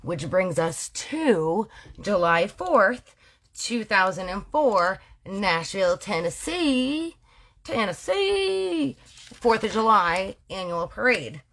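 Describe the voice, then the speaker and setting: A woman's voice: medium pitch, expressive, takes it slowly, fairly bright tone. A woman from Canada hosting casual true-crime storytelling, slangy and playful, often correcting herself. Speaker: storyteller host.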